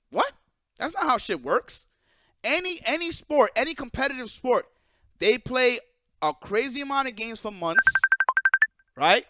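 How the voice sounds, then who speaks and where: A young man ranting casually and bluntly to his viewers, profane and animated. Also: extremely high pitch, unhurried, long pauses, no room sound, studio quality. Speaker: esports player and streamer.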